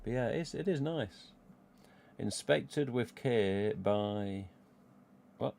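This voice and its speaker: This livestream host is a middle-aged man from England's Midlands who rambles casually and swears freely. He speaks slowly and expressively at medium pitch, with vocal fry and a darkish tone.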